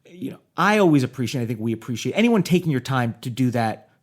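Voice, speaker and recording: A man co-hosting a paranormal comedy podcast, talking in a rambling, halting way with lots of fillers. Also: mid-range voice, very animated. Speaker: podcast co-host. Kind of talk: casual chat.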